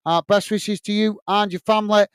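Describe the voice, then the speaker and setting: A man's voice: high voice, steady tone, brisk, clear, resonant tone, no room sound, studio quality. An English man hosting a live football watch-along, casually reading out viewer comments and giving friendly, repetitive sign-offs with lots of fillers.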